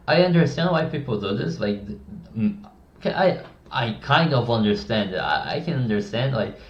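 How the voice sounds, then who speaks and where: Outspoken male creator, mid pitch, casual advice to camera, echoey dull-sounding room. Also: a little mellow. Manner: blunt, opinionated, with many restarts.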